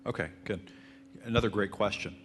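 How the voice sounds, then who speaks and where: A man teaching marketing at a live seminar, answering audience questions in a fairly even, self-described monotone manner. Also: on the low side, a little fast, slight background noise. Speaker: marketing instructor.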